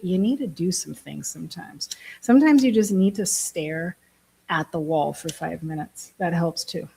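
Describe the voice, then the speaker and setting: A woman's voice: fairly low pitch, a little mellow, slightly rough, rough recording. A woman from Germany chatting casually to camera, laughing often and making fun of herself. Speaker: vlogger, app builder.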